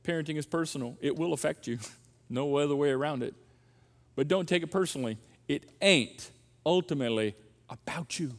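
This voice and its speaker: A man's voice: high voice, fairly bright tone, in a large hall. A middle-aged man preaching a sermon as a pastor, emphatic and repeating key phrases for effect. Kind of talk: sermon on parenting.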